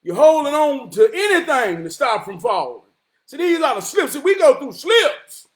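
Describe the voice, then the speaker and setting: A man giving a preachy motivational monologue, emphatic and profane, often rising to a shout and slowly repeating key lines for weight. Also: extremely high pitch, big pitch swings. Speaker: motivational vlogger.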